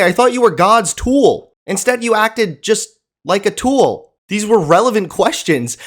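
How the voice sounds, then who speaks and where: Sarcastic, animated male commentator. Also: high voice. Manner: mocking, incredulous.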